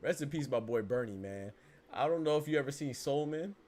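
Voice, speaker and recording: Animated, rambling male podcast host. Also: mid-range voice, a little fast. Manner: animated, rambling, keeps asking "you know what I'm saying". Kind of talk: casual sports commentary.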